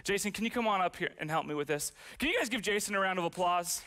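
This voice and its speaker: A man in his twenties, a pastor preaching a sermon, telling personal stories animatedly and turning soft and slow when speaking about grief. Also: sits high, lively intonation, some chatter behind, a little hiss or hum. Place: church stage with audience.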